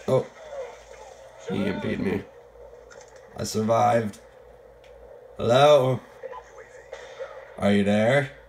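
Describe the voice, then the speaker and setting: A man's voice: fairly low pitch, gravelly, slight background noise. A young man with a voice that is fading from illness, rambling and joking at his own expense while commentating on a shooter game. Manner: rambling, self-deprecating, jokey. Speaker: gameplay commentator. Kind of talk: live gameplay commentary.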